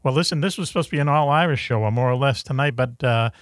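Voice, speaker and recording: A man hosting a radio talk show in a casual, joking manner, full of fillers and quick laughs. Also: medium pitch, no echo, clean studio sound.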